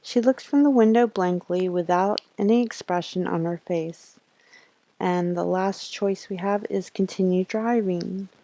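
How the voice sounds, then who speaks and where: Slow, mellow-voiced woman streamer. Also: lowish voice, rough recording. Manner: reads the text slowly, with asides and laughs. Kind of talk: reading a game aloud live.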